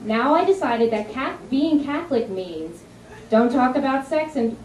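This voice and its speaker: A woman from New Jersey doing a stand-up comedy set, telling animated stories with sudden high-pitched punchlines. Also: a little slow, recorded from a distance, very noisy. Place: comedy club stage. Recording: echoey club recording from afar, with crowd laughter.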